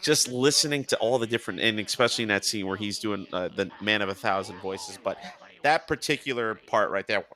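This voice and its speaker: A man with a New Jersey accent, an animated and enthusiastic guest in a casual chat. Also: on the low side, a little fast. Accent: New Jersey / New York area. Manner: animated, enthusiastic, laughs easily.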